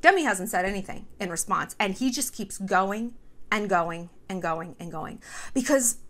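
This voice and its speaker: A woman hosting a casual commentary video, sarcastic and profane, tossing in quick mock voices. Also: medium pitch, animated, fairly bright tone. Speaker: commentary host.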